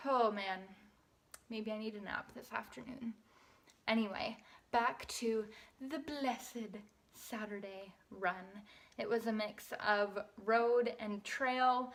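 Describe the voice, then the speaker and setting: A woman's voice: on the high side, slow pace, fairly bright tone. A young woman vlogging in a casual, rambling way, a little out of breath. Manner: chatty, rambling, loses her train of thought. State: slightly out of breath. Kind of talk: casual vlog chat.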